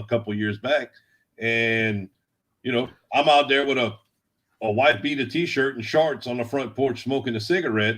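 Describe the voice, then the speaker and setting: Man, relaxed drawl, lively storyteller, mid-range voice. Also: mid-range voice. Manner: laid-back drawl, animated storyteller who acts out quotes. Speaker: guest. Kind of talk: casual storytelling chat.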